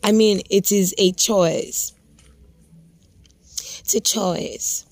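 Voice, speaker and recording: A woman's voice: medium pitch, fairly even intonation, very slow, creaky, darkish tone. A young woman hosting a devotional podcast, talking earnestly and repeating her points for emphasis. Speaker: podcast host.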